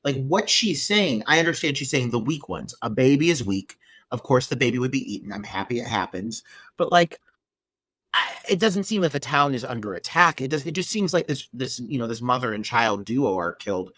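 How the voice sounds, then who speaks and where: A man co-hosting a podcast, chatting casually about a film, animated and swearing freely as he lays out his gripes. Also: mid-range voice, a little fast, no echo. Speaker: podcast co-host. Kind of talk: casual film review chat.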